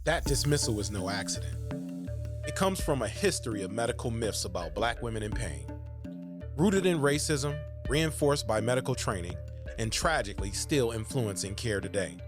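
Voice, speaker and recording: A man hosting a documentary interview, narrating in a measured, earnest way and talking with his guest. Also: medium pitch, animated, over music. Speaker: host.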